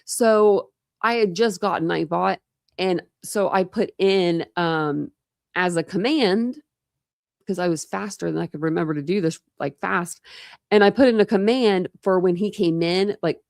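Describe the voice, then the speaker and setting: A woman's voice: lowish voice, measured pace, creaky, no room sound, clean studio sound. A woman hosting a true crime livestream, chatting casually with viewers in a rambling way. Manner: rambling and chatty, with many fillers and restarts.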